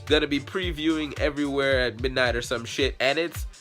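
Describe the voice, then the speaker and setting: A young man vlogger telling a comic story in a slangy, profane, animated way. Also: a little high, normal speed, hardly any pauses, soft background music.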